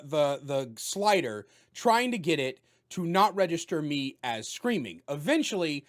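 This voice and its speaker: A man giving a casual spoken video game review, talking loudly with jokes and animated delivery. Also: on the high side. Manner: loud, animated and joking.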